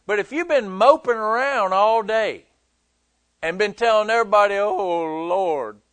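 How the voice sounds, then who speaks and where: A man's voice: sits high, normal speed, a bit bright, dry recording. A male pastor preaching a sermon in a conversational, emphatic way, joking with his listeners.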